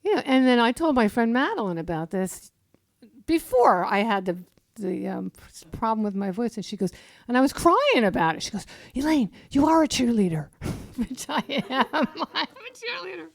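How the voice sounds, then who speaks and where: A woman in her sixties, a minister giving an animated, storytelling sermon in a church that breaks into song. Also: fairly high pitch, normal speed, no room sound. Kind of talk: sermon with songs. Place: church sanctuary.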